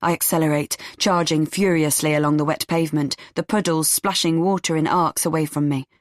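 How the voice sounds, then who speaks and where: Woman, audiobook narrator, first-person thriller, tense, measured, dry sound. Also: low voice, fairly even intonation, dry recording.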